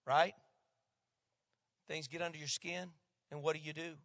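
A male pastor preaching a sermon, swinging between loud emphatic lines and hushed asides. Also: fairly high pitch, steady tone, a little slow, gravelly, dry recording.

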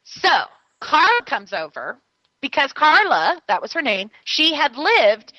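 Chatty bright-voiced woman co-host. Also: sits high, huge pitch swings, unhurried, no room sound, muffled recording. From California. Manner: chatty, storytelling, many fillers. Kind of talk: casual radio chat.

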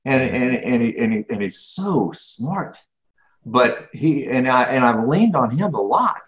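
A middle-aged man answers interview questions in an emphatic, repetitive way, restarting phrases as he builds a point. His voice sits at an ordinary pitch. The sound is muffled and lo-fi, with a noticeable echo of the room. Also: sing-song, a little slow. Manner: emphatic, many restarts and repeats. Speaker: guest speaker. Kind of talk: conversational interview. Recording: echoey, dull lo-fi sound.

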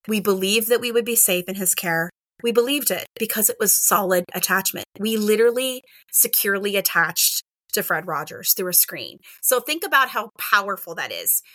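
Speaking in a relaxed interview, this middle-aged woman who teaches kindergarten gets animated, performing quoted back-and-forths full of "like" and "right?". She has a mid-range voice, recorded with no room sound.

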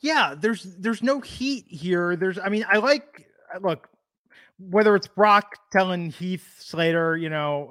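High-voiced man riffing sarcastically. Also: slow pace, fairly bright tone, dry recording, clean studio sound. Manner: sarcastic, joking riffs. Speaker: podcast co-host. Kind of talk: casual chat.

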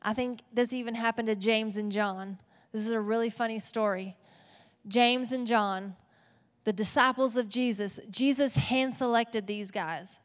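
A woman with a Texas accent preaching a sermon as a pastor, animated and playful with asides. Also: fairly high pitch, a little slow. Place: church auditorium. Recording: long hall reverb.

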